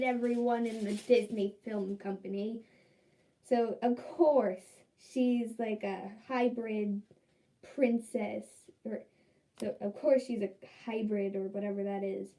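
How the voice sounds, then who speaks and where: A woman's voice: a little high, warm tone, rough recording. A young woman chatting casually in a vlog, rambling and exasperated with lots of fillers. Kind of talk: casual vlog chat while dyeing hair.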